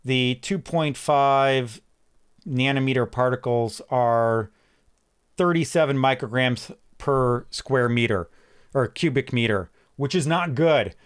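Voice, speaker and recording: A man hosting a casual tech livestream from his home office, chatting in a relaxed way with frequent ums and restarts. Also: medium pitch, slow, smooth. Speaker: livestream host.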